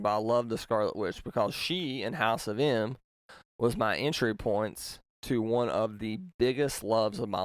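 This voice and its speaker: A man's voice: fairly low pitch, fairly bright tone, smooth, no echo, studio quality. A man hosting a podcast, giving a passionate, rambling review monologue and often correcting himself mid-sentence. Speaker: podcast host.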